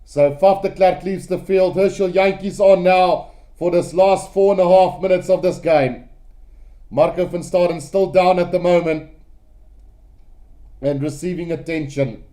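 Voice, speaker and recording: A man calls a rugby match live, his voice pitched high for a man yet dark and mellow in tone. He speaks straight to his viewers, piling excitement onto every phase of play. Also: unhurried.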